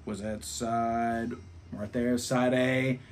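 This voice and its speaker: Rambling, excitable man telling a story. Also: mid-range voice, very slow. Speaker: album reviewer. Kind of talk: casual storytelling vlog.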